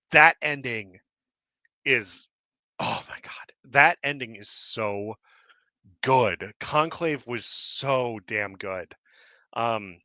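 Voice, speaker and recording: A man hosting a live show in casual chat, rambling and excitable with many fillers and restarts, a little out of breath. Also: medium pitch, dry recording. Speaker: host. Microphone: desk mic with cord.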